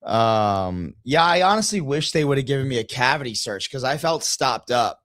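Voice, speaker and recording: A podcast host tells crude stories in casual chat, laughing at his own jokes. His mid-range voice is expressive and fairly bright at a normal pace, recorded in clean studio sound with no echo.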